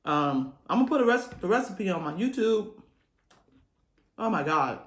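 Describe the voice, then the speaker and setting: A woman vlogger with a mid-range voice and big pitch swings chats casually to camera at normal speed, the sound roomy. She's eating as she talks, mouth full and humming over the food, folksy and saying y'all often.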